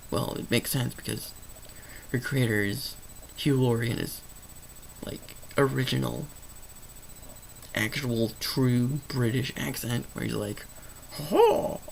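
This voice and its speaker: A vocal-fry-heavy voice at mid pitch talks through a movie off the top of the head. The speech wanders in stream-of-consciousness fashion, with restarts and fillers. A faint hum of ambience sits behind the voice. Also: rough recording. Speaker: movie reviewer. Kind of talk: unscripted rambling movie review.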